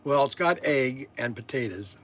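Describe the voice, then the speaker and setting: A middle-aged man hosting a casual live-stream food tasting, playful and quick to laugh and exclaim. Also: medium pitch, expressive, a bit bright. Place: his shop.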